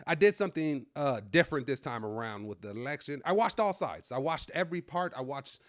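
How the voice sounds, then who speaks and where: High, animated ranting male comedian. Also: brisk, no echo, clean studio sound. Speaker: comedian host. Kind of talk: comedic rant to camera. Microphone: own microphone.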